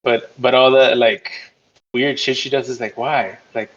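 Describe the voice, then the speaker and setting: A man's voice: medium pitch, fairly even intonation, measured pace, a bit bright, dull audio. A man in casual podcast talk over a voice call, rambling, swearing and playing incredulous.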